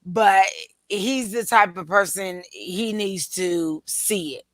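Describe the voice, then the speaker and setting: A woman preacher hosting a casual interview, animated and teasing, calling her viewers y'all and honey. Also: mid-range voice, takes it slowly, dry recording. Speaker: preacher and show host.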